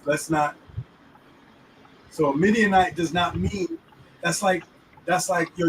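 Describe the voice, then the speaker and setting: A man's voice: on the high side, slow. Slang-heavy man teaching from a car. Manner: street slang, keeps asking if you follow him. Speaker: host explaining the weekly Torah portion. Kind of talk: casual teaching chat. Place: inside a moving car. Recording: distant mic in a car with faint road noise.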